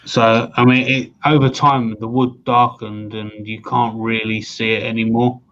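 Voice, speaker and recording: A man's voice: medium pitch, level tone, a little slow, a bit bright, lo-fi sound. Dry-humored man co-hosting a stream. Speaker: co-host. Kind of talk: casual live stream chat.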